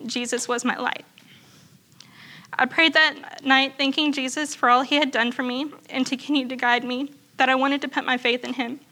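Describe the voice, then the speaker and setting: A woman's voice: high-pitched, fairly even intonation, normal speed, sharp tone. A woman earnestly reading aloud a written faith testimony to a church group. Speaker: church member sharing testimony.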